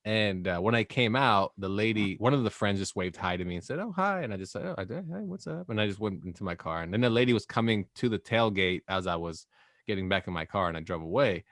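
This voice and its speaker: A man's voice: deep voice, fast, fairly bright tone, no echo, clean studio sound. A man co-hosting a podcast, telling a story in loose, rambling casual chat. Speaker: podcast co-host.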